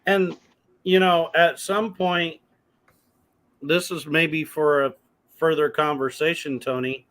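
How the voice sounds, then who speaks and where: A man in a casual chat, giving measured advice to fellow channel owners. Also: a little high, fairly even intonation, fairly bright tone. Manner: measured, advising. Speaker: guest youtuber.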